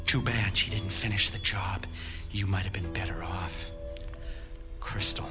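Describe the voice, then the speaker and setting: A man's voice: low-pitched, fairly even intonation, unhurried. An actor playing a bitter, contemptuous college teacher who hurls cruel insults at his students. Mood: sneering. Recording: film clip with music underneath.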